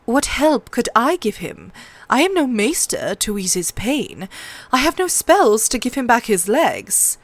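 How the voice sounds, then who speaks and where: A woman reading aloud, voicing a witty, sharp-tongued small nobleman with a dry, wry delivery. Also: a little high, big pitch swings, measured pace, no room sound, exaggerated voice.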